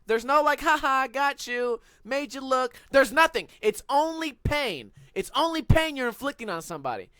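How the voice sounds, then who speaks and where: A young man telling a story on a casual podcast, swearing and ranting with animated energy. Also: extremely high pitch, smooth, no room sound. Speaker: podcast co-host.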